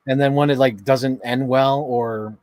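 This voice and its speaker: Rambling, excitable man chatting on a podcast. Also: mid-range voice, unhurried, no echo. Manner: rambling, enthusiastic, many "like" fillers. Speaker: podcast co-host. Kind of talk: casual chat.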